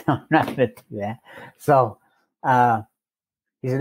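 An older man with a husky voice tells a plainspoken personal recovery story, repeating phrases for effect. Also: mid-range voice, normal speed, pauses often. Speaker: recovery meeting speaker.

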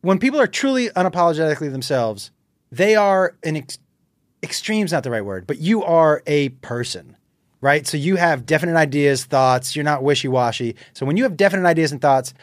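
A man's voice: on the high side, lively intonation, fairly quick, no room sound, clean studio sound. A male comedian guest talking earnestly, often stopping to correct his choice of words. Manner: earnest, searches for words, restarts sentences. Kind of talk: casual chat.

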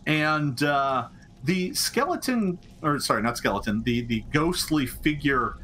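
Bright, animated game master man. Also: on the high side, unhurried, a little hiss or hum. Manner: rambling, many fillers and restarts. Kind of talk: narrating a tabletop game.

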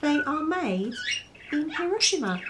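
A woman's voice: high-pitched, very animated, measured pace. A woman, the vlogger's mother, talking in a dry, teasing way off to the side. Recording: noisy room recording.

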